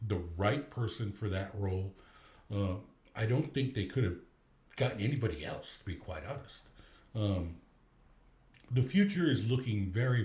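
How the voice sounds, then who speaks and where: Casual male podcast host, mid-pitch, loose rambling delivery, roomy echo. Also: a little mellow. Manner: rambling, frequent restarts and fillers. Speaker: movie review podcast host.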